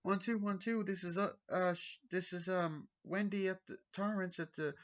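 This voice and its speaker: A man voicing a chirpy, nervous young housewife in a raised, halting voice, on a dull lo-fi recording. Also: sits high, steady tone, pitched above the performer's own voice, lightly acted.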